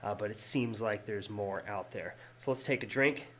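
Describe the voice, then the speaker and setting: A man with a low voice narrates a tabletop game as its game master, pausing often with fillers and restarts. A faint hiss sits behind him. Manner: hesitant, many fillers and restarts.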